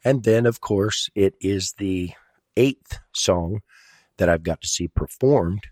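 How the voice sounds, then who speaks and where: Very deep, husky-voiced male songwriter. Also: slow, dry recording, studio quality. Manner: warm, storytelling, smiling. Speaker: songwriter guest. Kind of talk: casual interview talk. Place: radio studio.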